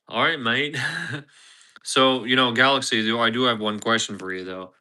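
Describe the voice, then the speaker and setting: A man's voice: medium pitch, fairly even intonation, slow, sharp tone, clear, resonant tone. A man with a Philadelphia accent, in his thirties, chatting casually and rambling to viewers on a live stream while outdoors in a parking lot. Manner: rambling, chatty, laughs often, repeats himself. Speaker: livestream host. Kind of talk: casual livestream chat.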